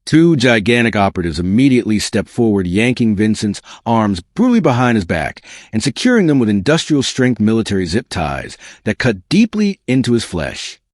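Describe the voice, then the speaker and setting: Dramatic low-voiced male narrator. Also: sing-song, moderate pace, few pauses, a little mellow, dry recording, clean studio sound. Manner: intense, dramatic delivery.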